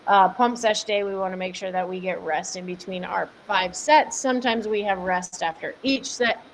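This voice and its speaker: A young woman leads a fitness session on a home live stream, walking through the workout with upbeat chatter, frequent laughs and replies to viewers by name. She speaks at normal speed in a mid-range voice, with a little hiss or hum from the home camera mic.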